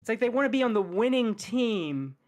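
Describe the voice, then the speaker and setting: A man's voice: sits high, sing-song, a little fast, darkish tone. A man chatting casually as a podcast co-host, telling rambling stories between laughs.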